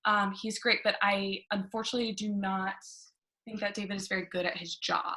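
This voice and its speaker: A young woman does stand-up from her living room over a webcam video call. Her bright, forceful, middling-pitched voice moves briskly with fairly even intonation. She mocks herself and keeps laughing through her own punchlines.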